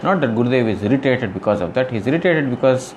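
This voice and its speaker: A man's voice: medium pitch, lively intonation, quick pace, a little hiss or hum. A man giving a devotional scripture lecture, explaining earnestly and repeating phrases with frequent "you know". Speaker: spiritual teacher.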